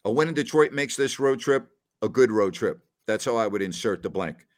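A man hosting a casual post-game livestream, animated as he reads out viewer comments. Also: mid-range voice, fairly quick. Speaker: podcast host.

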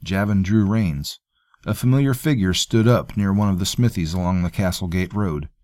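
A man reading a fantasy story aloud in a measured, even storytelling manner. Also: low-pitched, no room sound, clean studio sound. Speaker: audiobook narrator. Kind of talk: scripted fantasy narration.

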